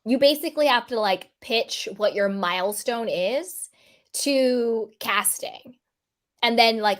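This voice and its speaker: Lively woman host chatting about reality TV. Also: on the high side, moderate pace. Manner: animated, quotes herself in playful voices. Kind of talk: casual chat about reality TV.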